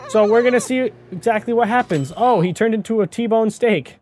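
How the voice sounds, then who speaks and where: A man hosting a gaming video, giving excitable let's play commentary and talking to the game character as he plays. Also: high-pitched, normal speed. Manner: excitable, talks to the game character, often exclaims. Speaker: gaming channel host.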